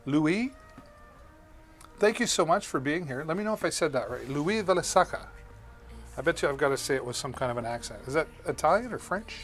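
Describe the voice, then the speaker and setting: An upbeat man hosting a live shopping stream, with a slightly higher voice. He chats loosely with viewers as he demos gear, and soft music plays behind him. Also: animated, fairly quick. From Canada. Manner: upbeat, chatty, greets viewers by name. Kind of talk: live-stream product demo and viewer chat.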